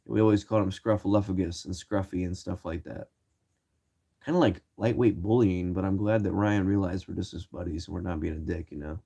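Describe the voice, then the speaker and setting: Young ohio dude streaming, kinda low voice, warm and relaxed, cussing thru his stories. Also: a little fast, vocal fry, breathy edge. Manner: loose, swearing, acts out quoted shouts. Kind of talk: casual storytelling.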